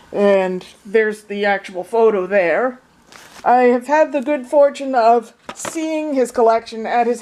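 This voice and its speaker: Lady chatting away in a vlog, enthusiastic, rambly show-and-tell, middle pitch. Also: darkish tone. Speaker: vlogger.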